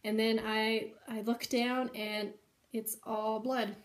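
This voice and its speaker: A young adult woman with a somewhat high voice tells a personal story. She speaks in an earnest, chatty way, filling her sentences with "like" and "um". She sounds like she is talking at home. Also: flat delivery, slow. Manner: chatty, heavy use of "like" and "um"; earnest, emotional retelling. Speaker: vlogger sharing a personal story.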